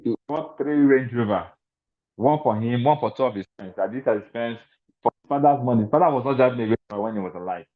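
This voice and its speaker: A man giving a motivational seminar talk to a large audience, speaking in an emphatic, repetitive, preacher-like cadence. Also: mid-range voice. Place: large event venue. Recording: tinny, phone-like sound.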